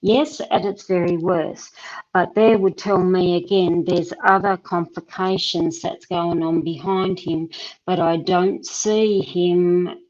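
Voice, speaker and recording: A woman's voice: lowish voice, steady tone, takes it slowly, a little mellow, muffled recording. Chatty Tasmanian woman reading tea leaves. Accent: Tasmanian Australian. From Australia. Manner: chatty, thinking aloud with many ums. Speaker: host and tea leaf reader. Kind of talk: live-stream reading chat.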